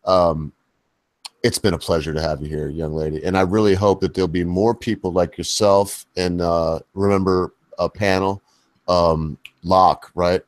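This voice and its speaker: A lower-voiced man rambles through a casual panel chat as its host, folksy and loose, often stopping to correct himself. The sound is dry and close, with no room echo. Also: fairly even intonation, normal speed.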